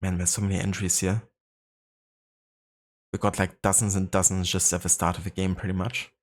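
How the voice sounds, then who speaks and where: Low-voiced man streaming a game. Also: little pitch movement, normal speed. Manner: rambling, many fillers, reads codex entries aloud. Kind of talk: casual livestream chat and reading aloud.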